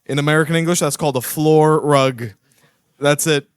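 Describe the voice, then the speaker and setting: A man's voice: on the high side, steady tone, normal speed, clear, resonant tone, no echo. A man, a panelist joking emphatically in playful banter.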